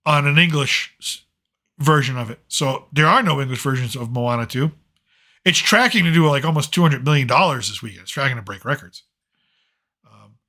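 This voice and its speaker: Boston male host, middle-aged, bright forceful voice, sardonic rambling live-stream monologue. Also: on the high side. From Boston, Massachusetts. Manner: rambling, sardonic, with many restarts and fillers. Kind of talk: casual monologue.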